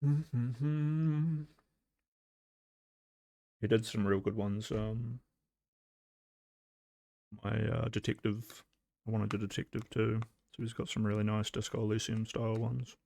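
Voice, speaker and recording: A man's voice: fairly low pitch, steady tone, slow, gravelly, pauses often, dark tone, no room sound, clean studio sound. A young man hosting a casual livestream, rambling with lots of fillers and laughing between thoughts. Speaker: livestream host.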